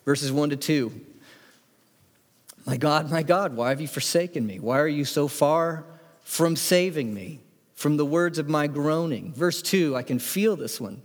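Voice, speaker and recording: A pastor preaches an earnest sermon, asking the congregation direct questions and reading scripture aloud with feeling. His intonation is lively and his pace measured, and his pitch rises as he reads the psalm. The recording carries a long hall reverb.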